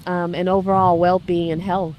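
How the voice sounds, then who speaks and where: A woman in casual conversation who tells a story in a halting way, with many fillers and restarts. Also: on the low side, flat delivery, a little mellow, a little hiss or hum.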